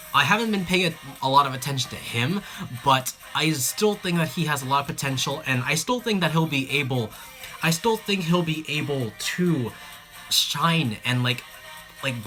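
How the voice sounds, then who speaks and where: A host casually commenting on a livestream, excitable and chatty, with many fillers and restarts. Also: mid-range voice. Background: faint background music.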